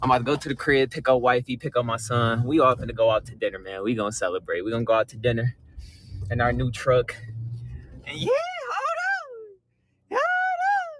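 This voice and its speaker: A young man filming a vlog about buying his new truck, hyped and slangy, shouting with joy, at a dealership and inside the truck on a phone camera. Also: mid-range voice, steady tone, quick pace, a little hiss or hum, rough recording. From Michigan. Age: young adult. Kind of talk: excited vlog clip. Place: truck dealership lot, outdoors and in a truck.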